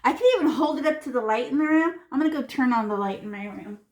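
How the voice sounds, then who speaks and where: A woman's voice: high voice, fast talker. Playful chatty woman teaching painting. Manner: playful, chatty and animated, with sound effects and repeated words. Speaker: art teacher. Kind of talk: painting lesson for children. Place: classroom or home room.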